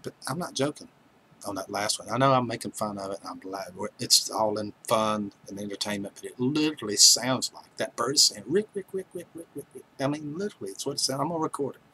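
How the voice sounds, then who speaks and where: A man's voice: on the low side, fast, bright, forceful tone, a little hiss or hum, rough recording. A man hosting a livestream, chatting casually and joking with viewers as he reads their names aloud. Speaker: livestream host. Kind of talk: casual chat with live viewers.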